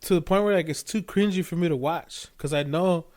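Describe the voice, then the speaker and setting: A man with a slightly high voice chatting casually as a podcast co-host. He rambles, searches for the right word, and laughs easily. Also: a little fast, a little mellow. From California. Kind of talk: casual chat.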